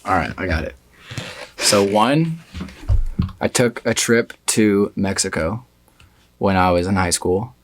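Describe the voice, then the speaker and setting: A young man from Indiana, a guest musician chatting casually in an interview, relaxed and hesitant with fillers. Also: lowish voice, slow pace, pauses often. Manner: laid-back, hesitant with fillers.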